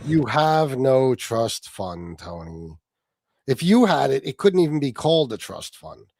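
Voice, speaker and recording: A man hosting a livestream, arguing in a heated, profane and mocking way, sometimes shouting. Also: medium pitch, big pitch swings, unhurried, dry recording, clean studio sound. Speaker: livestream host.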